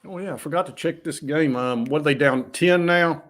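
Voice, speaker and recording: A man hosting a casual live sports talk stream, talking in a relaxed, rambling way with frequent restarts. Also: fairly high pitch, moderate pace. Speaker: host.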